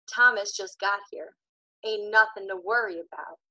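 A woman voicing a calm, commanding teenage boy who speaks in a steady drawl in a storybook reading. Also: medium pitch, moderate pace, poor audio. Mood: calm warning.

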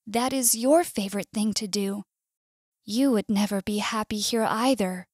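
A woman with an American accent voicing a gentle, loving female whale in a storybook, earnest and playful. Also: mid-range voice, a little slow, husky, no room sound, clean studio sound. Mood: tender. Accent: US English.

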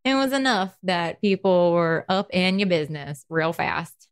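A woman's voice: on the low side, a little slow, smooth. A woman from South Carolina with a South Carolina accent, co-hosting a dental hygiene podcast in chatty, laughing conversation. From South Carolina, USA. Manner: chatty, laughing, animated storyteller. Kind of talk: casual chat.

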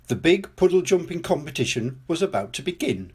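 An older man narrating a children's storybook read-aloud in a gentle, unhurried manner. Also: fairly high pitch, very animated, husky.

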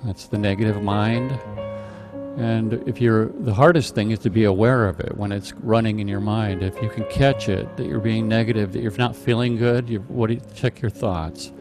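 A middle-aged man teaching a live online meditation class, calmly explaining a chant with patient, halting restarts. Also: lowish voice, over music. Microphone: video call microphone.

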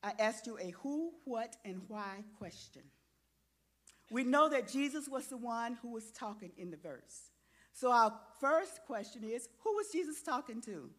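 Animated woman leading a children's sermon. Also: on the high side, a little slow. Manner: animated, coaxing, interactive with children. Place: church sanctuary.

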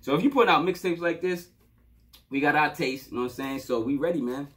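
Talking from home at his computer, a man gives a loose, casual spoken review of a hip-hop mixtape, packed with playful asides and "you know what I'm saying." His voice is on the high side, brisk and a bit bright.

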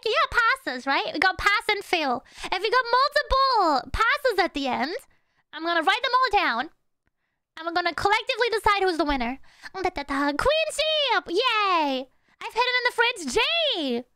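A woman's voice: very high-pitched, pushed and bright, no room sound, studio quality. A woman streamer chatting casually and playfully with her audience, humming little tunes between thoughts and teasing her chat.

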